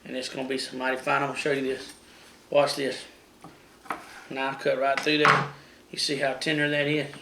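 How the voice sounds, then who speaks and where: A man's voice: mid-range voice, completely flat delivery, normal speed, vocal fry, pauses often, noisy background. A middle-aged man hosting a casual home cooking demo, chatty and folksy, talking to viewers as guys. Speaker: cooking show host. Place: home kitchen.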